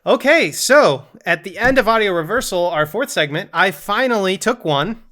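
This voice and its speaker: A man's voice: high-pitched, expressive, normal speed, sharp tone. A man co-hosting a casual podcast, playfully reading out quiz options and running the game segments.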